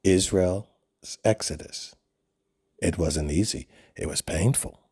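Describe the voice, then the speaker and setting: A man preaching a sermon in an earnest way, sometimes dropping to a hush on painful words. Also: low-pitched, slow pace, husky.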